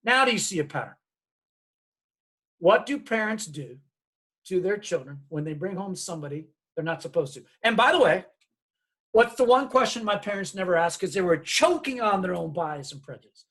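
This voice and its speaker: A man telling a personal story to an audience as a diversity speaker. He talks in an animated way and acts out the voices of family members as he goes. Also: sits high, moderate pace, breathy edge. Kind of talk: storytelling keynote talk.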